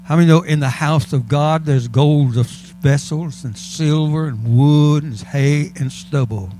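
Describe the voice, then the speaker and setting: A man's voice: a little high, a little slow, warm tone, a little hiss or hum. A male pastor preaching a sermon in a church, fervent and calling out to the congregation. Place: church sanctuary.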